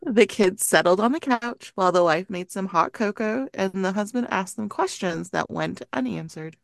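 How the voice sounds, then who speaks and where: A woman on a podcast, chatting and narrating a spooky story in an earnest, measured way. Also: mid-range voice, creaky, no echo, clean studio sound. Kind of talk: casual chat and story narration.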